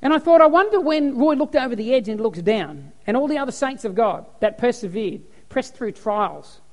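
A man preaching a sermon as pastor, animated storytelling. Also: extremely high pitch, moderate pace. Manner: animated storytelling, acts out cheering crowds. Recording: echoey hall with long reverb.

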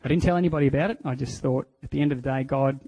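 A man with an Australian accent sharing a candid personal testimony in a sermon, telling it in an earnest, halting way. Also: mid-range voice, gravelly, dark tone, slightly rough, no echo, poor audio.

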